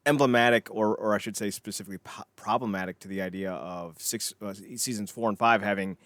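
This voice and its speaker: A man's voice: on the low side, fairly even intonation, fairly quick, fairly bright tone, dry recording. A man co-hosting a casual podcast, rambling and swearing, often trailing off into mumbles. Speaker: podcast co-host.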